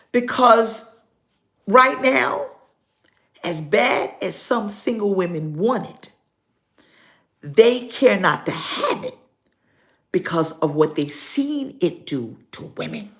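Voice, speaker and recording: An older woman pastor preaching a live sermon, pausing dramatically and acting out her stories. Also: medium pitch, fairly bright tone. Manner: slow, preaching with dramatic pauses and acted-out stories.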